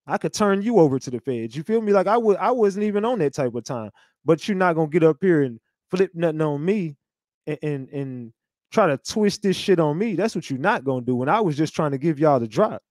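A man's voice: a little high, animated, a little fast, a little mellow, dry recording, clean studio sound. Blunt heated man on a livestream. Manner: blunt, heated, repetitive restarts. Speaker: livestream host. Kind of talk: casual livestream monologue.

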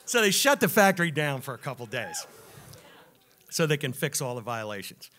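Male live storyteller, wry and expressive, slightly high, lively delivery. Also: moderate pace, slight background noise. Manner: animated, wry, builds to punchlines. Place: music club stage.

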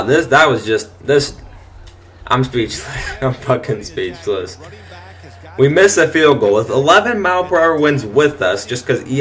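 A young man commentating his own football video game, frustrated and swearing, breaking into shouts and laughs at bad plays. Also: fairly low pitch. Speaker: gaming channel host. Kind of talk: gameplay commentary.

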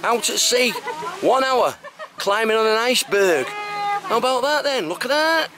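A man's voice: extremely high pitch, big pitch swings, unhurried, over music. An Englishman with an English accent chatting enthusiastically while filming a handheld travel vlog outdoors. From England. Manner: chatty, enthusiastic, keeps saying fantastic. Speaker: travel vlogger. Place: outdoors on a tropical island, beaches and roadside. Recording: noisy outdoor camera audio.

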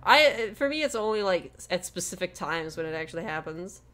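A woman's voice: on the low side, expressive, a little fast, fairly bright tone. A young woman streaming a video game, chatting candidly and rambling as she answers her chat, swearing freely. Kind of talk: casual gameplay stream chat.

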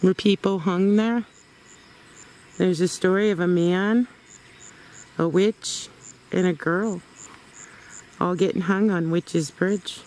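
A woman's voice: on the low side, fairly even intonation, takes it slowly, long pauses, darkish tone. A woman ghost-hunting in a wooded cemetery, coaxing spirits with short questions on her camera. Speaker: paranormal investigator. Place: cemetery in the woods, outdoors. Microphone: handheld camera mic. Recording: noisy outdoor camera recording. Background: crickets and insects.

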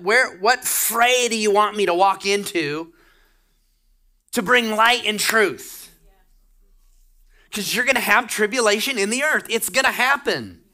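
A man's voice: high-pitched, sharp tone. A middle-aged man preaching a sermon as pastor, talking emphatically and exhorting his listeners.

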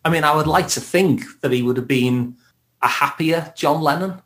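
A man's voice: fairly high pitch, normal speed, a bit bright. A man with a Liverpool accent, a therapist guesting on a podcast, reflective and laughing lightly as he talks. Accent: Liverpool (Scouse). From Liverpool, England. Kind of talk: casual podcast conversation.

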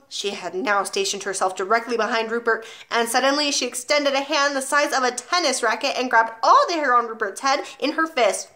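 A woman reading a children's novel aloud with expressive storytelling. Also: a little high, brisk, few pauses. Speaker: audiobook reader.

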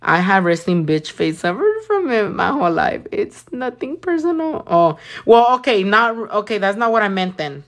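A woman's voice: mid-range voice, big pitch swings, moderate pace, hardly any pauses. A young woman doing her nails while chatting with live viewers, blunt and sassy, swearing often. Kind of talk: casual chat with live viewers.

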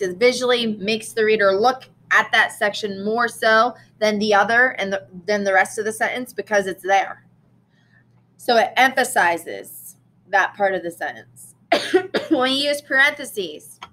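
A woman's voice: mid-range voice, bright, forceful tone, rough recording. A woman teacher giving a recorded lesson in a casual way, with frequent ums and restarts and an occasional cough. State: coughing now and then.

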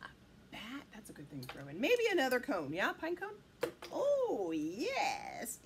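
A woman reading a picture book aloud to children in an animated, sing-song way. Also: on the high side, a little fast, very noisy. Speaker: children's storyteller.

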